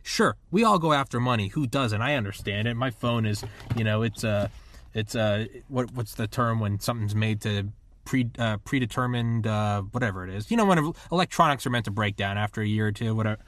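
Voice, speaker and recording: A man in his thirties hosting a podcast, rambling and animated as he acts out quotes in casual chat. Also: lowish voice, fairly quick, no echo. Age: 30s. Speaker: podcast host.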